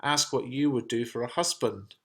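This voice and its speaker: A man voicing a cheeky, quick-witted young boy as he reads a play translation aloud, raising his pitch into a childlike register. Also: pushed and bright, close to an everyday voice.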